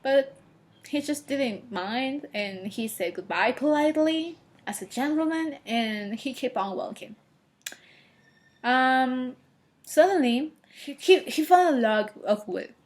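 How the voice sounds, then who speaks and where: A woman's voice: sits high, animated, slow pace. A woman casually retelling a children's story, hesitant, with many fillers and restarts.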